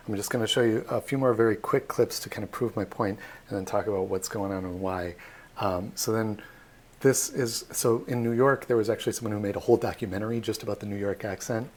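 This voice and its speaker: Casual male tour guide, jokey, lowish voice. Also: steady tone, fairly quick. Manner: chatty, jokey, uses many fillers. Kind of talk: casual live-stream presentation.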